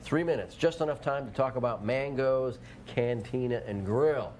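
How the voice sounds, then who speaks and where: A playful man trades easy banter as co-host of a local TV shopping program. His voice sits at an ordinary middle pitch, with a faint hum of studio noise underneath. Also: normal speed, darkish tone. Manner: chatty, playful, teasing. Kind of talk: casual on-air banter.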